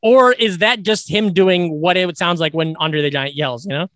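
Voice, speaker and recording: A young man co-hosting a casual movie podcast, animated and quoting lines in put-on voices. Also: high voice, normal speed, no echo. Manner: animated, acts out movie quotes in funny voices. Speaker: podcast co-host.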